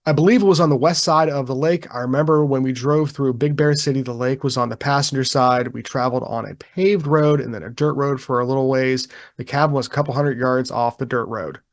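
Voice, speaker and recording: Laid back podcast guy reading a spooky report out loud, mid pitch, loose and chuckly. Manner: relaxed, chuckling, with frequent ums and restarts. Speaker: podcast co-host. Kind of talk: casual podcast chat, reading a witness account aloud.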